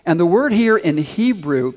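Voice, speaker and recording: A man with a high, light voice preaches to his congregation with earnest warmth of purpose. His words ring out in a large sanctuary with a long, lingering reverb. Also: very animated, moderate pace. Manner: earnest, leads the congregation in call-and-response. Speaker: pastor. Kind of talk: sermon.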